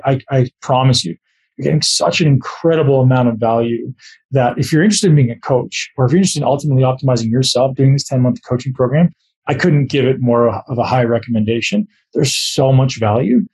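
A man's voice: mid-range voice, a little fast, darkish tone, husky, rough recording. A podcast host, a man, reading a sponsor message in an enthusiastic, informal way. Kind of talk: sponsor read.

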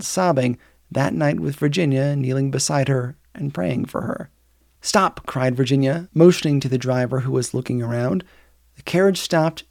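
A man reading a novel aloud in steady, measured narration, lifting his voice for the characters' lines. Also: a little high, vocal fry, dry recording, studio quality. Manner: steady, measured storytelling, lifting the voice for quoted speech. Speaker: audiobook reader. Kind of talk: scripted narration.

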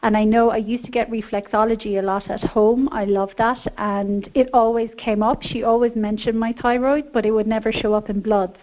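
Irish woman caller, chatty and upbeat, higher voice, muffled call sound. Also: fairly even intonation, moderate pace, few pauses, slight background noise. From Ireland. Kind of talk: casual phone-in chat. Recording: dull lo-fi call audio.

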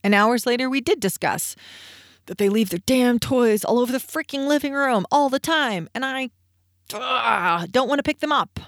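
A woman's voice: fairly high pitch, lively intonation, moderate pace, no room sound. Woman in her 30s, podcast host, candid and conversational, poses questions and answers them herself, dry close sound. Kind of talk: parenting podcast monologue.

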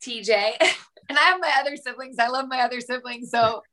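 A young woman guest on a podcast, talking earnestly and warmly in a casual conversation, laughing often and acting out little scenes. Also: on the high side, brisk. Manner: warm, earnest, laughs often, animated retelling.

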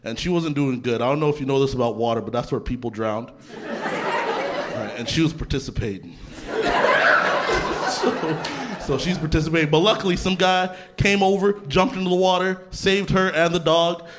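A young adult man from Canada doing a stand-up comedy set in a theatre, talking conversationally with deadpan punchlines and casual asides. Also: fairly high pitch, moderate pace. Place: theatre stage before a laughing audience. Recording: live theatre set with crowd laughter. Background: audience laughter.

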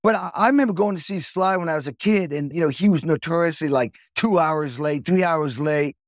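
A man hosting a podcast who chats casually and reacts with excitement to his guest's stories. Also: a little high, fairly quick, no echo, studio quality. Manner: enthusiastic, marvels at stories. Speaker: podcast host. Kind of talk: casual interview chat.

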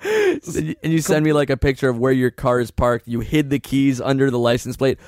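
A man's voice: mid-range voice, big pitch swings, a little fast, a little mellow, dry recording, clean studio sound. A man co-hosting a podcast in casual chat, adding wry details and teasing his co-host. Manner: wry, fills in details and teases.

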